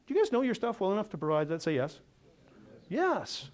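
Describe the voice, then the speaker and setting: A man's voice: high-pitched, a little fast. A man teaching a sales seminar, telling stories with energy and putting questions to the audience. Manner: energetic, animated storyteller who quizzes the audience. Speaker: sales coach. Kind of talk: seminar talk to a live audience.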